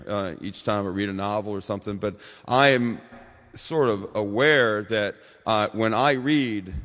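A man's voice: fairly low pitch, a bit bright, in a large hall. A man in his sixties giving a rambling, informal talk as a guest speaker in a church, with many fillers and asides.

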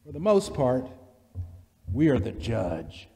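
A man preaching a sermon in a church, slow and deliberate, building repeated litanies that rise in intensity. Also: mid-range voice, big pitch swings, gravelly, mellow. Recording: long church reverb.

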